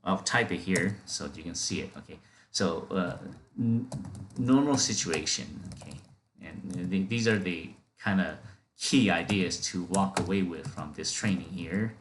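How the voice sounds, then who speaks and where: A man giving an off-the-cuff software training, repeating words, restarting phrases and checking in with "okay?" after each point. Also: low voice, measured pace, noisy background. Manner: many fillers and restarts, talking off the cuff. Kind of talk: screen-recorded software training.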